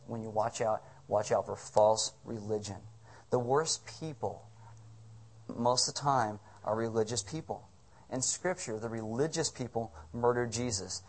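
A man's voice: mid-range voice, normal speed. A man preaching a sermon as pastor, conversational and joking, firing off rhetorical questions.

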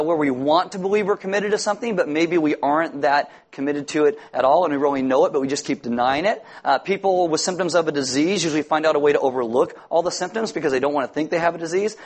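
A middle-aged man preaching a sermon to a congregation as pastor, in a lively, joking manner that acts out the voices he quotes. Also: high-pitched. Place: church sanctuary before a congregation.

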